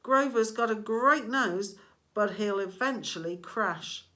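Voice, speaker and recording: Brief: woman as a sharp, bossy teen girl, bright tone, slow and firm. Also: mid-range voice. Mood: instructive. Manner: urgent, commanding. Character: urgent, clever teenage girl.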